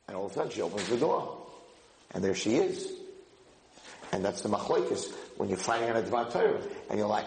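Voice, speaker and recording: A man giving an informal Torah class in English, mixing in Hebrew and Yiddish terms and breaking into loud acted-out shouting. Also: mid-range voice, fast. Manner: animated, acts out shouting students. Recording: echoey room, faint noise.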